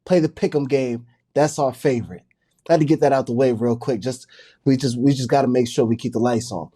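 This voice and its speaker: A man's voice: mid-range voice, steady tone, fairly quick, mellow, breathy edge. A man co-hosting a casual basketball show, playful and teasing in his banter. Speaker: co-host.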